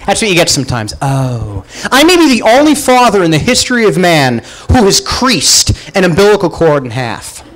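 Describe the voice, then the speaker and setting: A man telling a comic personal story live at a pub show, animated and self-mocking, acting out the voices he quotes. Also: high voice, a little fast, hardly any pauses, poor audio. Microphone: far camera.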